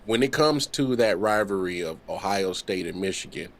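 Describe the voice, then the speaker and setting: A man co-hosting a sports podcast, talking in a casual, slangy, animated way. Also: deep voice, normal speed. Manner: animated, slangy, laughs and acts out voices. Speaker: podcast co-host.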